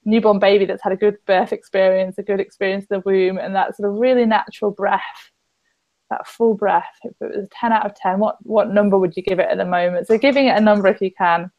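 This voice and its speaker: A woman, an EFT practitioner on a podcast, guiding listeners gently and patiently through a tapping exercise. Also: medium pitch, fairly even intonation, fast, highs cut off. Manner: gentle, instructive, inviting.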